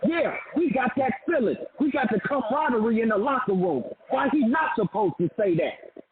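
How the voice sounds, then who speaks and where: A man's voice: very high voice, animated, moderate pace. A man calling in to a sports talk show, fired up and emphatic, repeating lines for effect. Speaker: caller. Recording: phone line with crowd behind.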